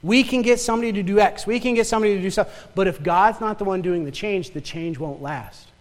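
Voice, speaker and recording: Emphatic Yooper-accented pastor in a reverberant hall. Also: male voice, high-pitched, quick pace. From northern Michigan. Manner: emphatic preaching with rhetorical questions and repeated words. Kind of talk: sermon.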